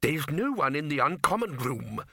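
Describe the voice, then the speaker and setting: A man's voice: fairly high pitch, sing-song, normal speed, sharp tone, no echo, studio quality, voice pushed up, exaggerated voice. Narrator doing a twitchy wizard bursar, whimpery and panicky. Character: nervous, jittery male wizard bursar.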